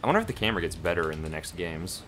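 A man's voice: low-pitched, lively intonation, very fast, a bit bright, slight background noise. A young man co-hosting a game let's play, asking easygoing questions and reacting to the gameplay. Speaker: co-host. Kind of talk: casual gameplay chat.

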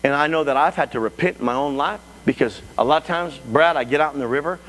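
A man preaching a sermon as pastor to a live congregation, talking in an animated way with frequent restarts. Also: fairly high pitch, fast. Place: church sanctuary before a congregation. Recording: echoey church hall with faint hum.

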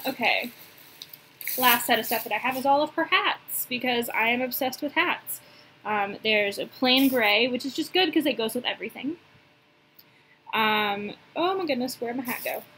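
A young woman, casually chatting through a shopping haul, gushing and filling pauses with "um". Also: on the high side, a bit bright, a little hiss or hum, low-quality recording. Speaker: reborn doll collector showing a haul.

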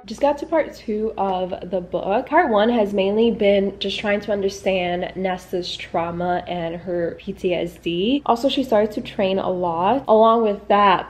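A young woman talking straight to camera in a relaxed vlog. She is chatty and candid, fills her talk with "like," and sounds a little tired. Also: medium pitch. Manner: chatty and candid, lots of "like" fillers. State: tired, yawning. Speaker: book vlogger. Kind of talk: casual vlog narration.

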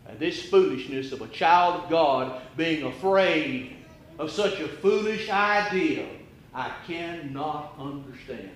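A man preaching an impassioned sermon in a church, firing rhetorical questions and swinging from hushed tones to near-shouts. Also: a little high, animated, takes it slowly, slight background noise. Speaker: evangelist preacher. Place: church auditorium. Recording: echoey church room with faint ambience.

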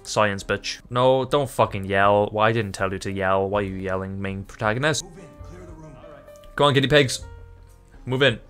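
Excitable, foul-mouthed gaming commentator man. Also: fairly low pitch, normal speed, long pauses, clean tone, faint music behind. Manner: excitable, swears freely, laughs often; rambling, self-interrupting. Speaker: gaming YouTuber. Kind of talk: gameplay commentary.

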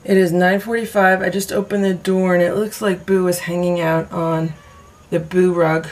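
Calm, matter-of-fact cat vlogger. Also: medium pitch, moderate pace. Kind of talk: casual home vlog narration. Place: home and yard, in and out of doors.

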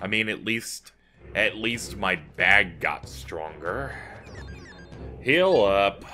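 A man's voice: lowish voice, lively intonation, very slow, pauses often, sharp tone. Exasperated, swearing let's-play man. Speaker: gaming YouTuber. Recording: faint game music behind. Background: game music.

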